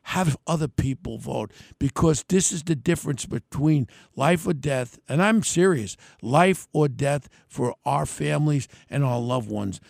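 A middle-aged man from New York hosting his own podcast, ranting bluntly in working-class slang with a gravelly voice. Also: medium pitch, expressive, measured pace, a little mellow, dry recording, clean studio sound. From New York City. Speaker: podcast host. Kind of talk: solo podcast rant.

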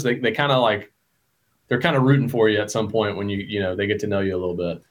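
A man from Georgia speaks with a mild Southern accent, his voice sitting on the low side. He tells his stories in a loose, relaxed way, restarting sentences as he goes. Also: quick pace. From Georgia, USA. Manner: relaxed storyteller, frequent restarts. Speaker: hunting guest. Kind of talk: casual podcast chat.

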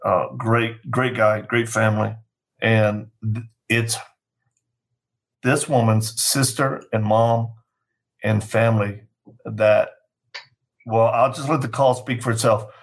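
Gravelly, flat-voiced earnest man. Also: fairly low pitch. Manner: measured, earnest, with many restarts. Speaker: guest.

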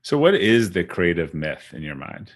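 Podcast host, male, low voice, easygoing interviewer who trails into his questions. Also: moderate pace. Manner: relaxed, loose questions with fillers and restarts. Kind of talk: conversational interviewing.

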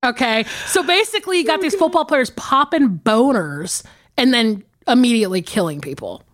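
A woman's voice: fairly high pitch, normal speed. A woman in her forties co-hosting a podcast, chatting casually about movies with lots of profanity and laughter. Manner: animated, profane, laughing storyteller. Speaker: podcast co-host.

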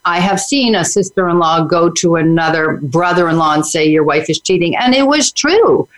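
A woman's voice: on the low side, animated, normal speed, poor audio. A woman hosting a radio advice show, giving direct, emphatic advice to listeners. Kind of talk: casual advice talk.

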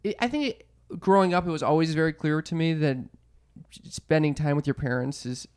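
A man's voice: a little high, animated, brisk, darkish tone, clear, resonant tone. Young man, wry casual storyteller. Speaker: podcast host, comedian. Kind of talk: casual podcast chat.

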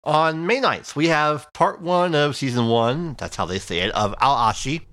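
A man's voice: a little high, measured pace, fairly bright tone. A man hosting a casual podcast, going through a list of releases in a dry, matter-of-fact way. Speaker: podcast host reading release news. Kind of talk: casual chat.

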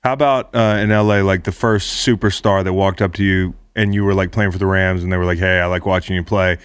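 Smooth low-voiced male interviewer. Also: a little fast. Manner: relaxed, conversational, brief affirmations. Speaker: podcast host, former player. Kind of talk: casual interview questions.

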